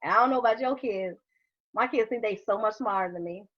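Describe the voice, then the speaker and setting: A woman and mother telling a story from her youth in a casual podcast chat, animated, laughing often and swearing freely. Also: mid-range voice, fairly quick, dull audio, a little hiss or hum.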